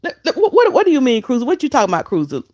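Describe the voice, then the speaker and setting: A woman's voice: high-pitched, huge pitch swings, racing, dark tone. A woman hosting a casual live stream, fussing at her guest and chatting to her viewers. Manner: sassy, fussing, talks straight to chat. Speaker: vlogger host.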